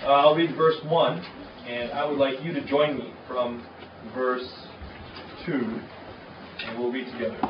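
A man's voice: mid-range voice, steady tone, measured pace, pauses often, background noise. A man who pastors a church, giving a conversational sermon with frequent filler words. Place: church hall. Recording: echoey hall, far from the mic, dull.

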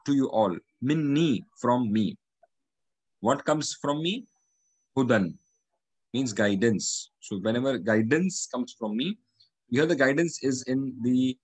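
Husky man teaching Quranic Arabic grammar. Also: medium pitch, no room sound, low-quality recording. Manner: methodical, repeats each word and its meaning.

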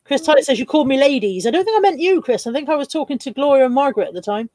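A woman's voice: high voice, lively intonation, racing, a little mellow, no echo. Chatty woman hosting a live stream. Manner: chatty, reads out viewer comments with bursts of laughter. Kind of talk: casual live stream chat.

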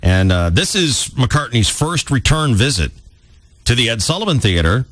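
A man's voice: mid-range voice, sing-song, normal speed, fairly bright tone, no room sound. A man hosting a morning radio show, joking and sarcastic as he riffs on the news. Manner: wisecracking, sarcastic.

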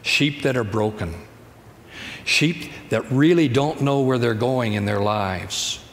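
A man voicing a patient teacher who questions a disciple calmly and insistently, in a reverberant church hall. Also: medium pitch, slow, slight background noise. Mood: earnest. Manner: calm, gently insistent.

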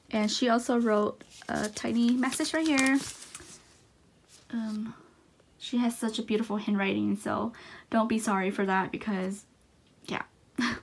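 A woman's voice: fairly high pitch, vocal fry. Gushing young woman unboxing merch. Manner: gushing, excitable, many fillers and gasps. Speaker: unboxing vlogger. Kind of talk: casual unboxing chat.

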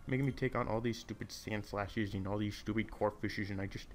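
A man's voice: lowish voice, fairly even intonation, fairly quick. A man casually commentating a video game, rambling and easily distracted, keeping his voice down in an echoey hotel room. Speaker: gameplay commentator. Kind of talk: casual let's play commentary.

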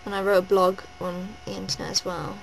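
A woman vlogging at home, gushing and rambling in a breathless, excited rush. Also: medium pitch, a little fast, gravelly, slight background noise, poor audio. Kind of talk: excited personal vlog. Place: at home indoors.

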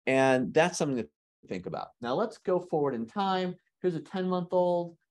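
Lively man giving an academic lecture. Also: on the high side, moderate pace. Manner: lively, jokes with the audience. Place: lecture hall.

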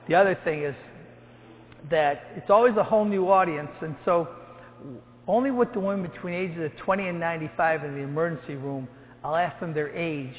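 A man's voice: on the high side, fairly quick, slight background noise. A priest in his seventies, a hospital chaplain, telling jokey stories to his parish and acting out the quotes. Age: 70s. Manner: storytelling, jokey, acts out quotes loudly. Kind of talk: humorous talk to a parish gathering. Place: church. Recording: tinny, with long hall echo.

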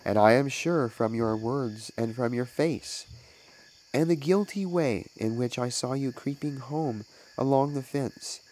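A man's voice: mid-range voice, a little mellow, voice pushed up, rough recording. A man voicing an earnest mother who questions her son in decided tones.

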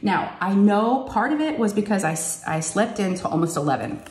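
A middle-aged woman, chatting casually to her viewers while she crafts, acting out what others said in a higher voice. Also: expressive, a little fast, a little mellow. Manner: chatty storyteller who acts out quotes in a higher voice. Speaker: crafting vlogger. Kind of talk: casual chat while diamond painting. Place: home craft room. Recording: echoey room, faint noise.

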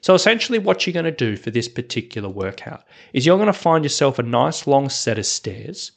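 A man's voice: medium pitch, fairly quick, vocal fry. A man hosting a solo podcast as a hiking coach, talking in an upbeat, conversational way. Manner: upbeat, conversational, lively rises and falls.

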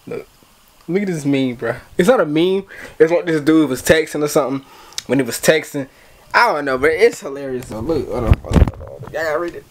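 A man's voice: on the high side, lively intonation, a little fast, no echo. A man hosting a casual vlog from his car, talking in a slangy, laid-back way straight to his viewers. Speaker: vlogger host.

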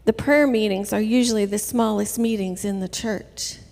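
A woman preaching a sermon in a church, telling her story in an earnest, measured way. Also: medium pitch, steady tone, vocal fry, a little mellow. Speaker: guest preacher. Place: church sanctuary. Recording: reverberant church hall.

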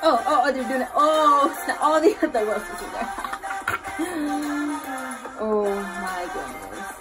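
A young woman reacting to a music video in excited casual commentary, gushing and squealing with drawn-out exclamations. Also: high voice.

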